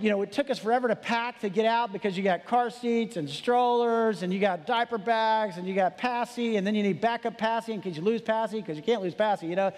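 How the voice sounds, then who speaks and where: A man telling a personal story in a sermon, animated and repeating his words as he starts sentences. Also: extremely high pitch. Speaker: pastor. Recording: hall reverb.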